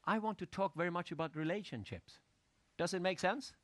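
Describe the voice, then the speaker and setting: A man lecturing an audience with lively storytelling, asking questions and using loose, broken grammar. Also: high-pitched, brisk, no echo. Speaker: motivational speaker.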